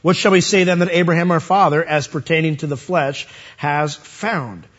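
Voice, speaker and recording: Man, preacher, sermon, husky, fairly high voice, animated emphasis, muffled lo-fi sound. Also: moderate pace. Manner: animated, rising to high emphatic peaks on quoted scripture.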